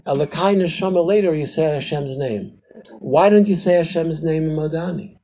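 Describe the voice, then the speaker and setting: An older man giving an informal Chassidic teaching to a small group, telling stories animatedly and swinging from loud exclamations to quiet asides. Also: a little hiss or hum, rough recording. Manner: animated storyteller, quick shifts from loud exclamations to low asides.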